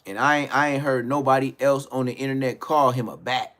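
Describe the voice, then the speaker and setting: Fairly quick with fairly even intonation, a man runs his own live stream with a blunt, profane, casual rant. It meanders, trails off, and restarts, alternating low mutters with loud outbursts.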